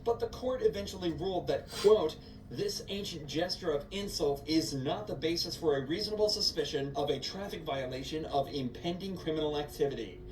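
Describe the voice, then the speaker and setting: A man reading a scripted narration that explains the law step by step. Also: fairly high pitch. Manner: explanatory, measured legal breakdown. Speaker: video narrator. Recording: echoey distant voice-over with background hum.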